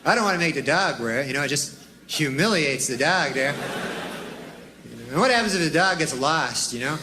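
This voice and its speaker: Comic rambling deadpan on stage, kinda high voice, noisy club crowd behind. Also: male voice, moderate pace. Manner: deadpan rambling with folksy fillers. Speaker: stand-up comedian. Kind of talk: stand-up routine. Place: comedy club stage with laughing audience. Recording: live club recording with crowd and noise.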